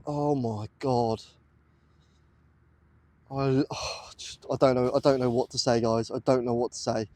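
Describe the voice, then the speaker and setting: Speaking at a measured pace with long pauses, this medium-pitched British man keeps a steady, dark tone in a dry recording. He's from the United Kingdom and is metal detecting in a muddy field, talking breathlessly and in awe to his viewers while repeating his exclamations. A tripod-mounted camera records his excited outdoor vlog commentary.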